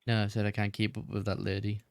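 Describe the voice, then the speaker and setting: A man's voice: lowish voice, completely flat delivery, fast, no room sound. A man chatting in character in a western roleplay game, laid-back and rambling. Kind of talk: in-character casual chat.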